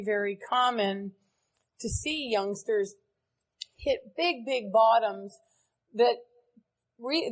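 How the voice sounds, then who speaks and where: A woman with a mid-range voice gives a candid, earnest recovery speech as an AA speaker before a large live meeting audience. The recording is rough.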